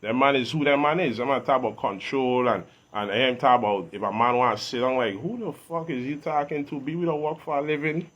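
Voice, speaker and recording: Highs are cut off in this recording of a fast-talking man who rarely pauses, his medium-pitched voice steady and a bit bright, in a typical male middle range. He's a guest artist from the Virgin Islands, chatting in a laid-back interview with emphatic street swagger.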